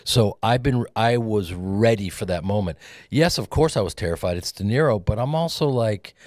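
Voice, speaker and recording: A man's voice: on the low side, lively intonation, normal speed, darkish tone, no room sound. A middle-aged man, a guest actor and comedian, telling casual anecdotes with acted-out quotes on a studio mic. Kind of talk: casual storytelling.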